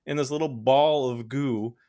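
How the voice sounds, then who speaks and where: A man's voice: mid-range voice, steady tone, measured pace, warm tone. A man co-hosting a podcast in casual chat, rambling with many fillers and frequent laughter. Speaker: podcast co-host.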